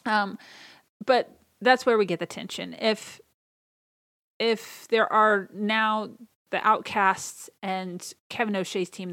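A woman's voice: mid-range voice, vocal fry, a bit bright, no echo. A woman hosting a podcast, chatting enthusiastically through a casual movie recap. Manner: chatty and enthusiastic, reading out favorite quotes. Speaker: podcast host.

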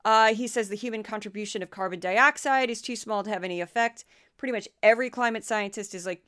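This podcast host, a middle-aged woman from the American Midwest, speaks fast at a medium pitch with a clear, resonant, slightly bright tone. Her manner is casual and conversational, peppered with dry jokes at her own expense.

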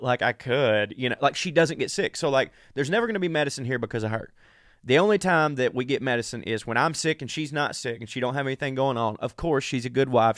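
A man's voice: medium pitch, a bit bright, no echo. Sick southern man, dry close sound. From American South. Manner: crude, rambling, self-deprecating. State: sick, a little out of breath. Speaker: podcast host. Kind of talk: casual comedic monologue.

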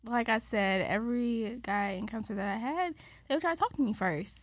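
A woman co-hosting a podcast in casual chat, giving quick, blunt reactions. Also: a little high. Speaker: podcast co-host.

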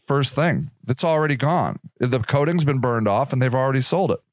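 A man hosts a podcast with a rambling, casual monologue, telling a story, swearing freely and stumbling over repeated words. His mid-range voice is animated, his pace moderate, and there is no echo.

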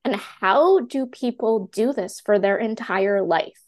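A woman in her thirties, a teacher and classroom coach, telling her story as a podcast guest in a chatty, animated way full of "like" fillers. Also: mid-range voice, slow. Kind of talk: candid personal storytelling in a podcast interview.

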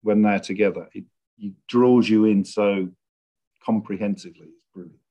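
As a guest in a conversational interview, a middle-aged screenwriter speaks with reflective care, pausing to find his words. His pitch is fairly low, his intonation fairly even, his tone dark.

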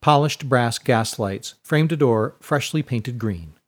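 A man narrating a storybook chapter in a measured, expressive reading. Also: mid-range voice.

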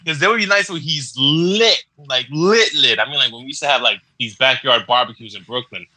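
Bright-voiced laid-back podcast guy. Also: mid-range voice, a little fast, no echo, low-quality recording. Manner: laid-back storytelling with slang and cursing. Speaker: podcast co-host. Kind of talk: casual podcast chat.

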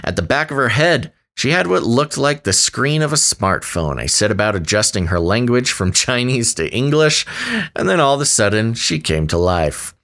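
A man's voice: medium pitch, animated, normal speed, fairly bright tone. Male podcast co-host, wry and joking, reading a story with asides. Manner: wry, joking, laughs often while reading. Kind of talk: casual podcast chat, reading a news story aloud.

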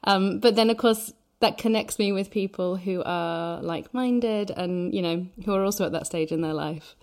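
A woman hosting a casual conversation, talking in a relaxed, quick way with casual fillers. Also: medium pitch. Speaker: podcast host.

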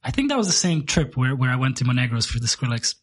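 A man hosts a podcast, chatting in an easygoing, loose way and often trailing off mid-thought. His voice is a little husky, sitting at a middle pitch. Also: big pitch swings, fast. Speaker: podcast host. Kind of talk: casual chat.

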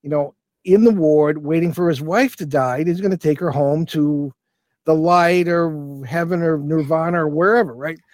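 Older male guest, slightly high voice, dry sound, rambling storyteller full of fillers. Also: moderate pace, darkish tone, no echo. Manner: rambling, many fillers and restarts. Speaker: paranormal investigator guest. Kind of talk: storytelling in an interview.

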